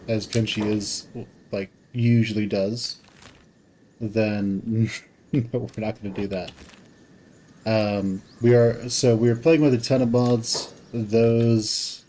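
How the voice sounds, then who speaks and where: A man's voice: on the low side, level tone, slow pace, mellow, a little hiss or hum, poor audio. A man streaming a video game, thinking aloud in casual commentary with rambling restarts.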